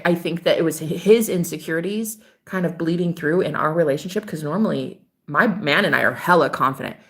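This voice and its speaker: Bright-voiced woman chatting animatedly. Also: lowish voice. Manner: animated, swearing, laughing often. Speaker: spiritual vlogger. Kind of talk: casual monologue to camera.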